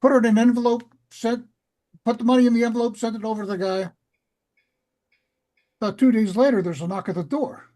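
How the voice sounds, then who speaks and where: An older man with a husky voice, telling jokes in a chatty storytelling way. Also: very high voice, fairly even intonation, fairly quick, long pauses, warm tone. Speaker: comedy show regular.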